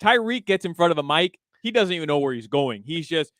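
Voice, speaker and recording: A man on sports radio with a fairly high, lively voice, talking through his points and often checking for agreement. He is heard dry and close in a studio. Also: brisk, dry recording. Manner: reasoning, asks for agreement with "right?". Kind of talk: casual sports talk. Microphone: studio microphone.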